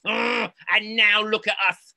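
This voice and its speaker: A woman's voice: medium pitch, level tone, unhurried, sharp tone. A woman playing a coarse, scheming female con artist with a Cockney accent, reading a comic play over a video call. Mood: bitter. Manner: brash, crude, theatrical complaining.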